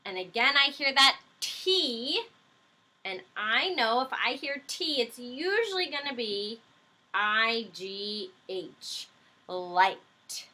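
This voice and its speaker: Bright, slow-spoken woman teaching phonics. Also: high voice, big pitch swings. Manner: slow, patient, encouraging, stretches out words and letters. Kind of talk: phonics lesson for young children.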